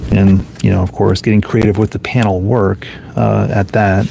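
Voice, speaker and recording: Gravelly, low-voiced man musing casually. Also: flat delivery, moderate pace, warm tone, slight background noise. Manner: musing, offhand, thinking aloud while flipping pages. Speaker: comic book reviewer. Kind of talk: casual solo commentary.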